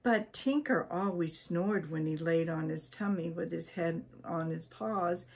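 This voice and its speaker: Slow, husky older woman reading aloud. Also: on the low side. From Maine, USA. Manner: gentle, unhurried reading. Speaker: storyteller. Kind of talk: reading a children's story aloud.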